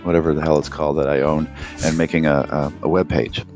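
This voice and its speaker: A man's voice: rumbling low, flat delivery, fast, a little mellow, soft background music. A man co-hosting a podcast, talking in a loose, joking way with the odd swear. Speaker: podcast co-host. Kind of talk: casual chat over a call.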